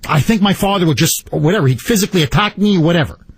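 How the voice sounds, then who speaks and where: A male radio talk show host telling a story in animated fashion and taking calls on a studio mic. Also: high-pitched, fast talker, a little hiss or hum. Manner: animated storytelling, acts out quotes. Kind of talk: talk radio monologue and call-in.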